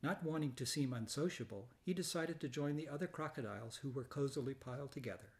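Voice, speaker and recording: A man reading a children's storybook aloud in a calm, even storytelling manner. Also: medium pitch, quick pace. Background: loud background music.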